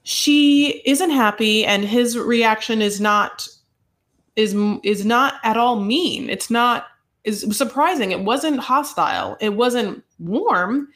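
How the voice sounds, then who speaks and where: A woman's voice: on the high side, slow pace. A woman co-hosting a podcast, retelling a reality show episode in casual chat with lots of asides and "like". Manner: animated storyteller, lots of "like" and asides. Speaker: podcast co-host.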